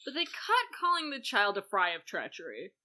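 A woman co-hosting a casual chat about a play, animated and gushing, with sarcastic asides. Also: medium pitch, normal speed. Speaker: podcast co-host.

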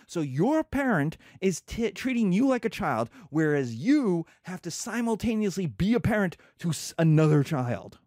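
A man's voice: high-pitched, sing-song, normal speed, few pauses, a little mellow, no echo, clean studio sound. A man lecturing as a professor, asking and answering his own questions and acting out little scenes. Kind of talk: lecture to students.

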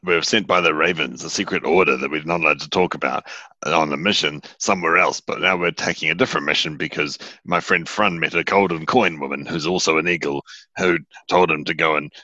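A man's voice: very deep voice, a little fast, bright, forceful tone, no echo, dull audio. A man playing a tabletop game in character, rambling and playful. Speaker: player.

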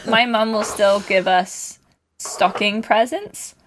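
A woman co-hosting a casual book club podcast, chatty and quick to laugh. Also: medium pitch, steady tone, noisy background. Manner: chatty, laughing, quoting others. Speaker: podcast co-host.

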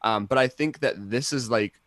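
A young man talks casually and enthusiastically, restarting his sentences and filling gaps as he rambles. His voice sits at an ordinary middle pitch. The recording is dry and close, with no room sound. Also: normal speed, fairly bright tone, no room sound. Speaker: podcast co-host. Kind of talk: casual chat.

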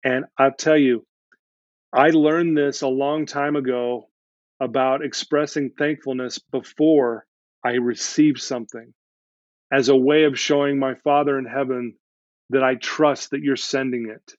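A man's voice: mid-range voice, steady tone, unhurried, dry recording. Earnest man telling a story, dull dry sound. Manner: earnest, retells conversations with frequent restarts. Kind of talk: storytelling in conversation.

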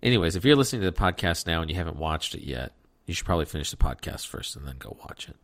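A man's voice: low voice, very animated, rapid-fire. A man hosting a podcast, giving a rambling, joking recap of a movie plot in casual chat. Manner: jokey, rambling plot recap with silly voices. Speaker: podcast host.

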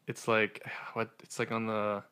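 A man co-hosting a casual podcast chat, rambling and laughing often as he gets excited. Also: on the low side, measured pace, smooth. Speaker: podcast co-host. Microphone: studio podcast mic.

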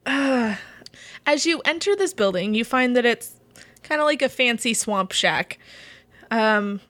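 A woman's voice: fairly high pitch, expressive, measured pace, a bit bright, no echo. A woman narrating as game master in a tabletop role-play podcast, loose and casual, laughing easily.

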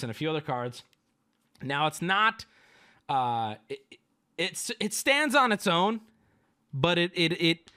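A man with a high, bright voice tells a story to his stream audience, swinging his pitch widely as he acts out the people he quotes. He is casual and profane, and faint music plays behind him. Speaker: livestreamer.

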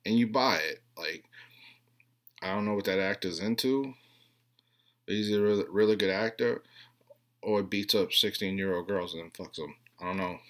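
A man in his late thirties with a low voice rants through a comedic movie recap. His delivery is crude and rambling, and he breaks into deadpan asides and mocking character voices. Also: normal speed, pauses often. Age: 30s.

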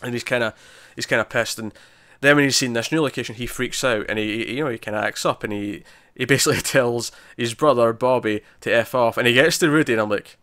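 A man recaps a TV episode in casual chat, jumping back into scenes with quick restarts and frequent laughter. His voice sits at an ordinary middle pitch. The recording is close and dry. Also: dry recording. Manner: animated retelling, laughs often, many restarts. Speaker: podcast co-host.

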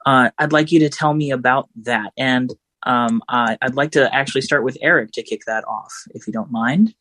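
A man moderating a panel discussion and speaking off the cuff, with many pauses, ums and restarts. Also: mid-range voice, sharp tone, no echo.

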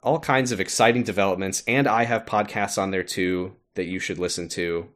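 A man's voice: sits low, steady tone, normal speed, fairly bright tone. A man co-hosting a podcast in casual chat, joking and laughing often between remarks. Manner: chatty, laughs often, fillers and restarts. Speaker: podcast co-host.

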